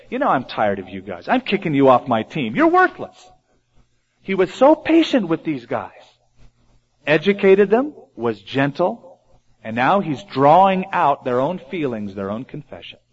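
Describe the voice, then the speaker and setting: Animated preacher man, lo-fi sound. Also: fairly high pitch. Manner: animated, acts out quoted lines in varied voices. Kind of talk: sermon. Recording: dull lo-fi recording.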